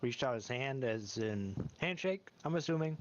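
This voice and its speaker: A man's voice: medium pitch, expressive, normal speed. A man chatting casually as a player in a tabletop game, joking with the table. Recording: slightly dull mic with faint noise.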